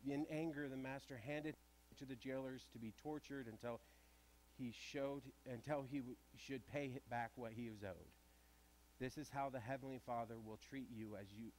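A man's voice: medium pitch, fairly even intonation, moderate pace, a little mellow, slight background noise. A man preaching a sermon in a church, conversational and asking the congregation direct questions. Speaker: pastor.

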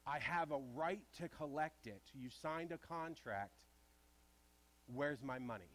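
A man's voice: a little high, a little slow, a bit bright. A man voicing a stern wealthy master who demands his money back in a blunt, demanding way.

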